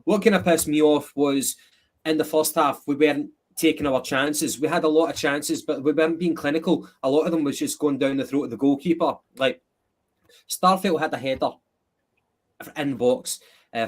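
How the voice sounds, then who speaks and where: A man with a Scottish accent hosting a football match review podcast, measured and a little hesitant. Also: mid-range voice. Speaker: podcast host.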